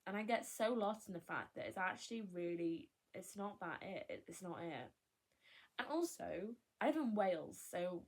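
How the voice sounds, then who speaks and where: A young woman vlogger chatting candidly, rambling and cutting herself off with laughs. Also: medium pitch. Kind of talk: casual chat.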